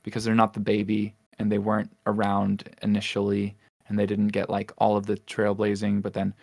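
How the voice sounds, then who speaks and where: A man's voice: fairly low pitch, completely flat delivery, brisk, vocal fry, darkish tone, no room sound, clean studio sound. A young man co-hosting a podcast, talking casually and rambling with lots of fillers and restarts. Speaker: podcast co-host. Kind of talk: casual chat.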